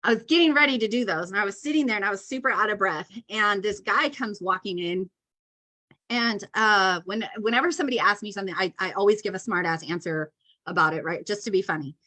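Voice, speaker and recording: A middle-aged woman talks casually on a video call, her voice bright and forward. She tells stories at length, full of fillers and dry, deadpan jokes. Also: medium pitch, fast talker, low-quality recording. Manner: chatty storyteller, many fillers, deadpan jokes. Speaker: podcast co-host. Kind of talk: casual chat.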